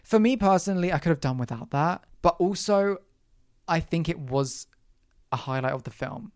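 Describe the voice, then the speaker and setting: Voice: medium pitch, normal speed. A young adult podcast host talking alone in a casual, campy, sarcastic rant, full of asides and apologies. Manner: animated, campy, sarcastic ranting with frequent asides.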